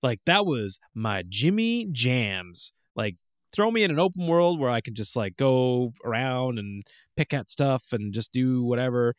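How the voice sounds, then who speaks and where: A young man chats and rants about games, his pitch leaping around as he acts out moments from play. The recording is dry and close, with no room sound. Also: unhurried, no room sound. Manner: animated, ranting, acts out game moments. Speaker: podcast co-host. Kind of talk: casual chat.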